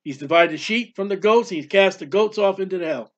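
A man's voice: sits high, fast talker, highs cut off. A man preaching a Bible teaching with fervent delivery, firing off rhetorical questions and declaiming scripture. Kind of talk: sermon-style Bible teaching.

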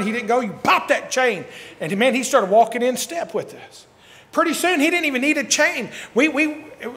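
A man preaching a sermon, telling stories and swinging from shouts to quiet asides. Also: high-pitched. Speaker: pastor. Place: church sanctuary. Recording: long church hall reverb.

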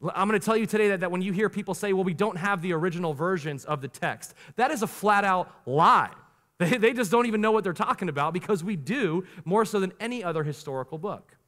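A man in his thirties preaches a sermon, his voice sitting a little high for a man. He is animated, leaning into slow, weighty phrases and then speeding through casual asides. A long church-hall reverb trails behind every word. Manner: animated preaching, swings between slow emphatic lines and quick asides. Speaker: pastor. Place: church sanctuary.

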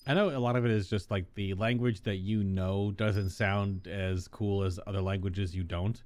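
A man's voice: lowish voice, steady tone, moderate pace, a little mellow. A man hosting a casual let's-play, talking enthusiastically and rambling as he plays. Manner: enthusiastic, rambling, laughs often. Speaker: gaming channel host.

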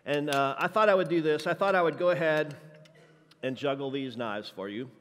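A man's voice: a little high, moderate pace, a bit bright. A man preaching a church sermon as a guest juggler, playful and jokey, working the crowd with energy. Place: church sanctuary. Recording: reverberant church hall.

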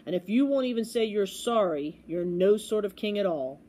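A woman's voice: mid-range voice, animated, normal speed, mellow, close to an everyday voice. A woman voicing a brave, plain-spoken boy in a read-aloud storybook, earnest and forthright. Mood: scolding.

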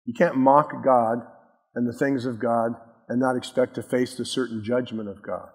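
A man's voice: medium pitch, fairly even intonation, normal speed, slightly rough, in a large hall. A man preaching a sermon as pastor, earnest and emphatic, often asking the congregation questions. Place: church sanctuary.

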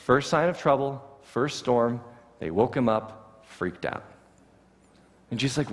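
A man preaching a sermon to his congregation, expressive and acting out the words he quotes. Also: mid-range voice, measured pace, pauses often, in a large hall. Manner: expressive, voices Jesus' words with rising emphasis. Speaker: pastor. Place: church sanctuary.

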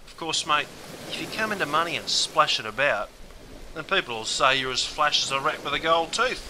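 A man's voice: a little high, animated, fairly quick, background noise. An Australian man narrating comic explanations in a matey, exaggerated, slang-heavy way.

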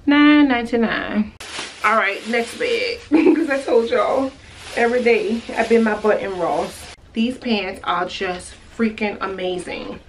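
A woman's voice: mid-range voice, expressive, unhurried, recorded from a distance, a little hiss or hum. A woman chatting casually and gushing over clothes in a try-on haul vlog, filmed at home on a phone camera. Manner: gushing, chatty, repeats herself. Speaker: vlogger. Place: at home, indoors.

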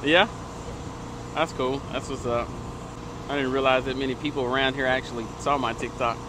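A man talking casually to camera while cleaning trash cans outdoors, loud and joking, often shouting and exclaiming. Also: mid-range voice, fairly even intonation, moderate pace. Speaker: trash can cleaning business owner. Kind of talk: casual on-the-job vlog. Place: outdoors by a house, near a street. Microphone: small clip-on mic with phone camera. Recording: outdoor street noise behind.

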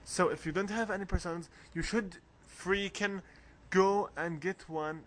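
Slow, bright-voiced man narrating a walkthrough. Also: high-pitched, fairly even intonation. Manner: rambling, coughs often, reads game text aloud. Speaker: let's play host. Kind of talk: casual game walkthrough commentary.

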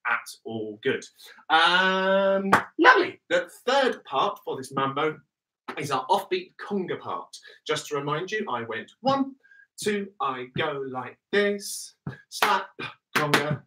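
A man's voice: fairly high pitch, a bit bright. A man teaching an online body percussion workshop, chanting rhythm words and counting in with upbeat, encouraging energy. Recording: distant mic with clear background noise.

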